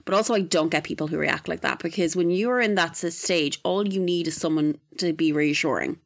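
Lower-voiced woman, supportive co-host. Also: brisk, vocal fry. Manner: supportive, reassuring listener. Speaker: podcast co-host. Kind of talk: casual chat.

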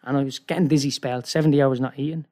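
A man telling a long, rambling story in casual chat, excitable and peppering his talk with "right?". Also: mid-range voice, quick pace. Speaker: guest.

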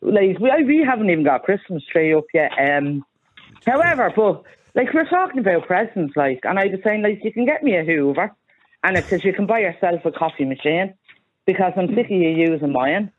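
A woman's voice: lowish voice, very animated, a little fast, narrow, tinny audio. A woman calling in to a radio show, talking in a chatty, rambling way and saying "like" a lot. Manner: chatty, rambling, says "like" often. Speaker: caller. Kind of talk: casual radio phone-in chat.

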